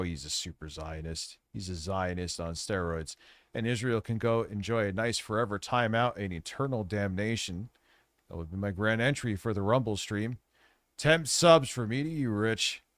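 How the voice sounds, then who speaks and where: A man's voice: fairly low pitch, a bit bright, dry recording, clean studio sound. Foul-mouthed male streamer ranting. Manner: crude, combative, swears constantly. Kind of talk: profane live-stream rant.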